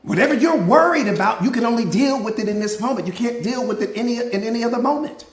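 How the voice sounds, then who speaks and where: Male mindset coach, very high voice, preachy live motivational talk full of repetition, echoey room. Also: animated, fast. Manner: preachy, repetitive, fires rhetorical questions; greets viewers by name mid-talk.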